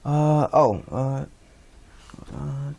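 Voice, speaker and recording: A man's voice: mid-range voice, very slow, vocal fry, mellow, slightly rough. A man teaching a casual class over a stream, rambling, with many fillers and restarts. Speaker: instructor. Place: livestreamed class.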